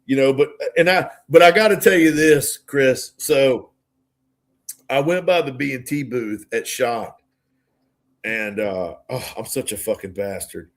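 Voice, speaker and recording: A male podcast co-host, telling stories in a loose, animated way and swearing freely. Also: mid-range voice, measured pace. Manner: animated storyteller, swears freely, acts out other voices. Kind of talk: casual storytelling chat.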